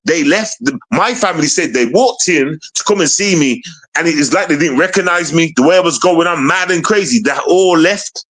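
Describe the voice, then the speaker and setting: Emphatic man, slightly high voice. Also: normal speed, fairly bright tone. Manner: emphatic, repetitive street slang, keeps asking "you understand?". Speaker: guest telling his story. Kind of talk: casual storytelling.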